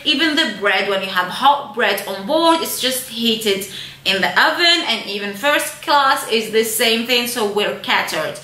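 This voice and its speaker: Chatty bright-voiced woman vlogger. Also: fairly high pitch, lively intonation, unhurried. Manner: chatty, heavy use of "like" and "you know". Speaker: flight attendant. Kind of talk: casual vlog storytelling. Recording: echoey room.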